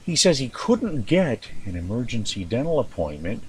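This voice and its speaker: A man's voice: mid-range voice, big pitch swings, normal speed, darkish tone, slight background noise. A man hosting a show, rambling through news commentary and asking rhetorical questions. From United States. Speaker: host.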